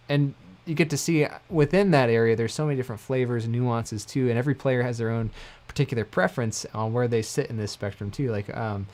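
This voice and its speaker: A man giving a casual livestream mandolin lesson, talking in a relaxed, rambling way and correcting himself often. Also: mid-range voice. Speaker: mandolin teacher. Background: mandolin playing between phrases.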